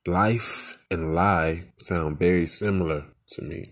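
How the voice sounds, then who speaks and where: A man with a very low voice rants at a slow, heavy pace, angry and swearing as he vents. He rambles through rhetorical questions about what is wrong with the world. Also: fairly even intonation. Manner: angry, profane, venting. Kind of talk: frustrated personal rant.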